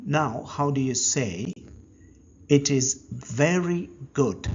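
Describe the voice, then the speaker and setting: A man leads a language lesson at an extremely slow, deliberate pace, leaving gaps for the learner to answer. His voice is husky and a little breathy. The recording sounds dull and lo-fi. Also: medium pitch, expressive. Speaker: language teacher.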